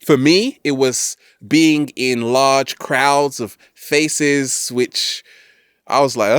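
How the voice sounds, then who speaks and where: A man hosting a self-help video, giving an animated, playful motivational talk to camera. He keeps asking "right?" and throws in jokey catchphrase asides. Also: medium pitch, very slow, smooth, no echo, clean studio sound.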